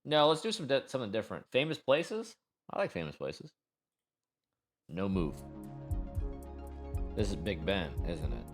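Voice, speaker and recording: A man's voice: on the low side, animated, moderate pace, long pauses, faint music behind. A young man streaming a watch party, chatting loosely, swearing often and joking with himself. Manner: swears a lot, rambling, laughs at himself. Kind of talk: casual chat, profane and loose.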